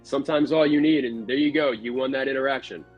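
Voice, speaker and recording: A man who works as a haunt actor and manager, giving measured, blunt advice in a casual livestream chat. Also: medium pitch, dull audio, soft background music.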